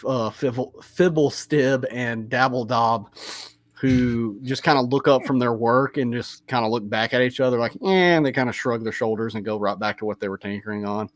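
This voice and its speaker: A man's voice: medium pitch, fairly even intonation, normal speed, no room sound. A man, casually narrating a tabletop game as game master. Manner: casual, lots of fillers.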